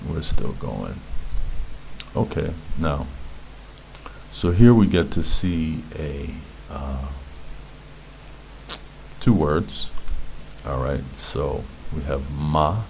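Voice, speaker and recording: A man's voice: a bass voice, vocal fry, darkish tone, a little hiss or hum. A man teaching beginners Hebrew letters, patiently repeating words and sounds as he explains. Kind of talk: instructional explanation.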